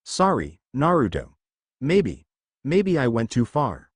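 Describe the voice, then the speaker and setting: A man's voice: mid-range voice, wildly swooping pitch, slow, slightly rough, no room sound, clean studio sound, heavily acted. A man voicing a shy young fox spirit woman in human form, meek and stammering, in a fan fiction audiobook. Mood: bashful.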